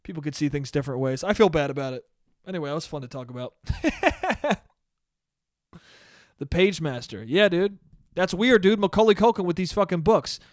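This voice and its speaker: A man's voice: fairly high pitch, animated, moderate pace, long pauses, no echo, studio quality. Rambling, swearing young man. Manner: rambling, profane, self-deprecating with bursts of laughter. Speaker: podcast host. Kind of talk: casual solo podcast monologue.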